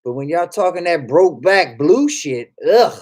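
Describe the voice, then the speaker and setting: A male streamer with a slightly high voice who talks slowly and drawls. He jokes and swears casually as he reacts to his chat. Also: expressive. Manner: joking, profane, reads chat aloud.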